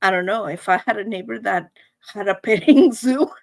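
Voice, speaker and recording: A woman's voice: medium pitch, normal speed, creaky, no room sound. A middle-aged woman, hosting a weekly live show and chatting casually with viewers, laughing between nearly every line.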